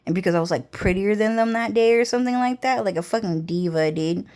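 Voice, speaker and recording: A woman's voice: medium pitch, fast talker, darkish tone, clean tone. A woman vlogger telling a personal story in a rambling, repetitive way, with heavy swearing. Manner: rambling, heavily profane, repetitive. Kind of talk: casual storytelling monologue.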